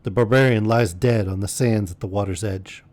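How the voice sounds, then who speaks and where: A man voicing a rough male cutthroat who bluntly reports back to his master. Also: on the low side, normal speed, a little mellow, close to an everyday voice.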